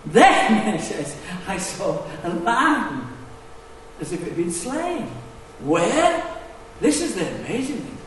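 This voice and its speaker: Preaching at a slow pace, a man with a high voice lets his pitch rise and fall dramatically, murmuring asides and then booming out emphatic statements. A faint hiss or hum sits under distant audio that rings with the long reverb of a cavernous hall.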